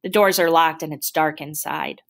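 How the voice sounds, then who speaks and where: A woman reading a novel aloud in first person with a steady, plain storytelling manner. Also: low-pitched, normal speed. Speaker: audiobook reader.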